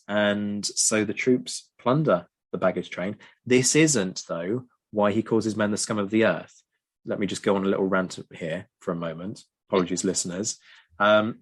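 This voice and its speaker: A man explaining history in a casual chat, lively and prone to ranting. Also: lowish voice. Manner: lively, ranting, frequent ums. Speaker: podcast co-host.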